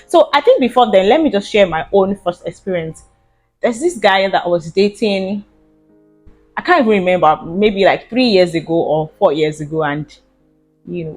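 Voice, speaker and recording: A young woman with a Nigerian English accent, telling a personal story in a casual vlog, animated and laughing often, with Pidgin slang. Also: medium pitch. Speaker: vlogger.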